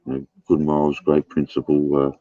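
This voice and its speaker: A man's voice: a bass voice, completely flat delivery, a little fast, warm tone, no echo, highs cut off. A man hosting a livestream, chatting casually, swearing and laughing often. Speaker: livestream host. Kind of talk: casual chat.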